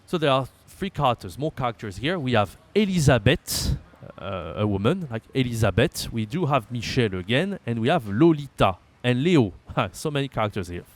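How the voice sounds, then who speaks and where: A man's voice: medium pitch, very animated, normal speed, hardly any pauses. A man with a French accent teaching French in an online lesson, repeating phrases aloud and explaining them with many fillers.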